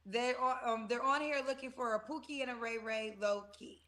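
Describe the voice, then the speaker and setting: A woman's voice: on the high side, fairly even intonation, normal speed, pushed and bright. A woman co-hosting an online show, reading out paid questions and chatting casually at length. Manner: reads questions aloud, then chats at length. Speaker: co-host reading viewer questions. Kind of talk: casual chat.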